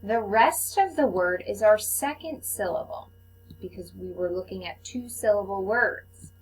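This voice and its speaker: A woman teaches a phonics lesson to young children at an unhurried pace. She sounds out each letter and syllable with patient, careful enunciation, and her voice sits at a middle pitch. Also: lively intonation, poor audio. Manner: slow, patient, clearly enunciated teacher talk.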